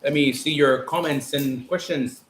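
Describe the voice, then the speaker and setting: A man's voice: fairly high pitch, a little slow, fairly bright tone. A man hosting a casual live stream, tasting sweets and reading viewer comments aloud in a chatty way. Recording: echoey room with faint noise.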